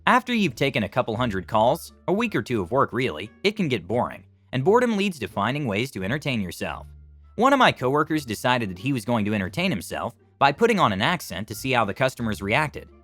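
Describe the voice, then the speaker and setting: A man's voice: medium pitch, big pitch swings, quick pace, fairly bright tone, dry recording, soft background music. A man reading reader-submitted stories aloud as scripted narration.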